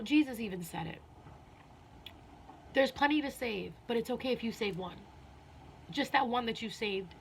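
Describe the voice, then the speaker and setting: In a gravelly, medium-pitched voice, with some hiss or hum audible, a woman vlogs casually to camera about spiritual matters. She's earnest and heartfelt, sounding a little emotional, repeating herself often and filling her talk with "you know."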